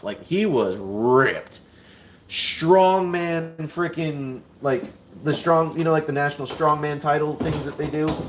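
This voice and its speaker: Rambling man with a higher voice. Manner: rambling, repeats phrases, lots of fillers. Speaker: toy reviewer telling a story. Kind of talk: casual storytelling during a toy unboxing.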